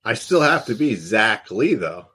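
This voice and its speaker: A man who was once a pro wrestler, hosting a podcast in casual chat, swearing and retelling events in lively detail. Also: on the low side, unhurried, slightly rough.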